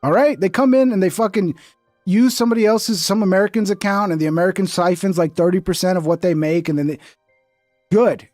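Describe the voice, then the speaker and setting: A man's voice: high-pitched, a little fast, darkish tone, no echo, faint music behind. A man streaming casual commentary over a video, blunt and mocking, swearing often.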